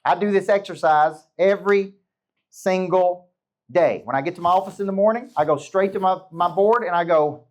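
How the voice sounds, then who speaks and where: A man's voice: high-pitched, moderate pace. A middle-aged man, a business coach, giving a punchy motivational talk to a live audience and peppering them with rhetorical questions.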